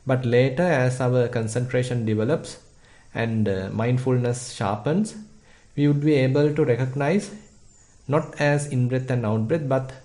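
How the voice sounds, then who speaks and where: A Sri Lankan Buddhist monk whose first language is Sinhala gives meditation instruction with a Sri Lankan accent. His male voice is medium-pitched and dark in tone, and he speaks in a measured, thoughtful way with frequent pauses and fillers.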